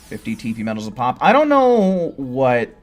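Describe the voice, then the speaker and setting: A relaxed young man from California talks casually with his stream chat while he plays. His accent is a neutral American one, and his manner is easygoing and friendly as he answers viewers' comments. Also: medium pitch, normal speed, faint music behind. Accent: General American. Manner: laid-back, chatty, answering chat.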